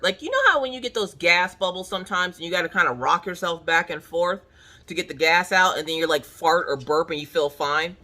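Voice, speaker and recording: A crafting channel host in her thirties casually tells viewers a story from home, animated and full of "like," acting out her own reactions. Her voice sits on the low side and moves at a brisk pace.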